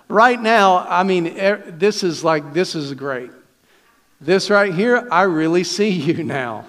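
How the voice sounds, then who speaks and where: A man's voice: sits high, fairly bright tone, in a large hall. A man pastor preaching a sermon in a conversational, folksy way, with restarts and questions to the congregation. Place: church sanctuary.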